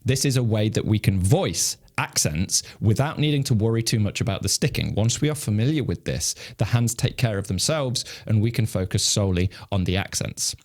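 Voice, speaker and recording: Guy teaching snare drum, lowish voice, calm and methodical, counts out the beats. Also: a little fast, hardly any pauses. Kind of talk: instructional explanation with counting.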